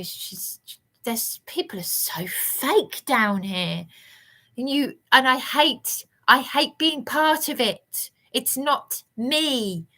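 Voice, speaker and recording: A woman's voice: fairly high pitch, bright, forceful tone. A woman giving a rambling, aggrieved vlog monologue with emphatic outbursts. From England. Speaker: vlogger.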